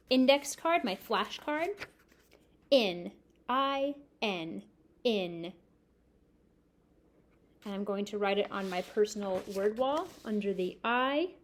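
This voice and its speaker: A woman teacher recording a spelling lesson for young children, spelling words letter by letter and asking them to repeat after her. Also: mid-range voice. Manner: slow, clear spelling-out with call-and-repeat prompts.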